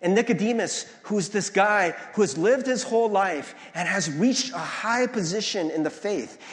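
A man's voice: high-pitched, moderate pace. A male pastor giving a conversational sermon, often checking in with "right?" and acting out the voices he quotes. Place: church sanctuary. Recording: long hall reverb.

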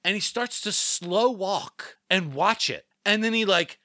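A man talks in a lively, swooping voice with a bright edge, ranting in disbelief and swearing as he goes. The sound is dry and close. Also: sits high, unhurried, no echo. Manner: animated, swearing, incredulous rants. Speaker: podcast co-host. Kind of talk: casual chat.

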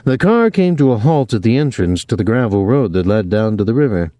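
A male audiobook narrator reads in a measured yet expressive way, his fairly low voice rising and falling widely. The recording is dry and close, with no room sound. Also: dry recording.

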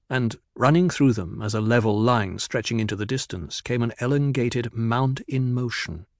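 A man narrating a full-cast audio drama in a steady, even storytelling manner. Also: medium pitch, no room sound, clean studio sound.

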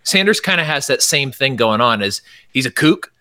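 Bright-voiced man rambling in casual chat. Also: mid-range voice, expressive, normal speed, no room sound, clean studio sound. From United States. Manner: rambling, opinionated, many restarts. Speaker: podcast guest.

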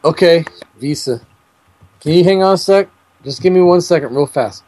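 A man making a prank phone call, rambling and crude in a deadpan way. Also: a little high, moderate pace. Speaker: prank caller.

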